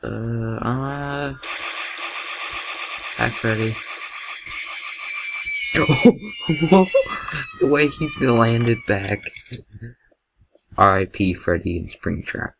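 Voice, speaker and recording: A young man doing excitable, jokey gameplay commentary with a gravelly voice, yelping at scares. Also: lowish voice, takes it slowly, long pauses, noisy background.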